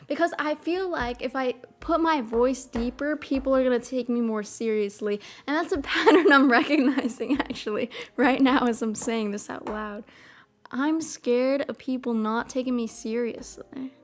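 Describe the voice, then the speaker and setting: A woman's voice: on the high side, moderate pace, soft background music. A young woman streaming and chatting casually with viewers, bubbly and rambling, often giggling. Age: young adult. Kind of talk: casual chat.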